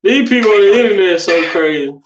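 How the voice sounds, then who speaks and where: A woman's voice: medium pitch, animated, fast talker, highs cut off, noisy background. A woman vlogger in casual reaction commentary, chatty and exclaiming, talking straight to her viewers. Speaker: vlogger reacting to internet clips.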